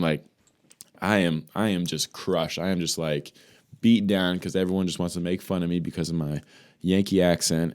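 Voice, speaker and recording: A very deep-voiced man from Wisconsin talks with his co-host over a video call. He rambles in a loose, teasing way, full of restarts and asides. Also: darkish tone. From Wisconsin, USA. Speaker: podcast co-host. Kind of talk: casual chat.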